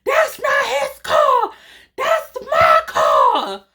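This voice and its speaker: A woman acting out an angry, jealous girlfriend yelling on the phone while telling a story. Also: very high-pitched, moderate pace, voice pushed up. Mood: furious. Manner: shouting, indignant.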